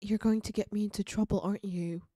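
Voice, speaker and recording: A woman's voice: medium pitch, fairly even intonation, fast, warm tone, dry recording, studio quality. A woman giving casual, chatty gameplay commentary, gushing and giggling as she goes. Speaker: let's play creator.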